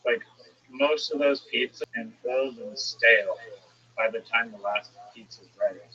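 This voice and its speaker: Man co-host, casual halting talk, bright tone, muffled lo-fi stream audio. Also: medium pitch, husky. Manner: halting, with restarts and fillers. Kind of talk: casual chat.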